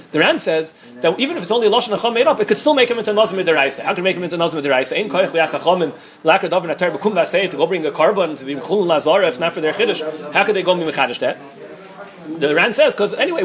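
Rapid-fire high-voiced rabbi teaching Talmud. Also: male voice. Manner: rapid, restarts often, mixes Hebrew-Aramaic terms. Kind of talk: quick Talmud study lecture.

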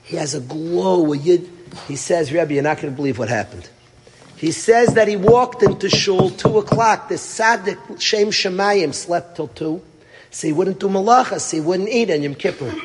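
Man, middle-aged rabbi, sermon storytelling, high voice, emphatic rhetorical questions. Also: big-room sound, slight background noise. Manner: emphatic, rhetorical questions, swings between loud and hushed. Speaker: rabbi teaching at a yeshiva.

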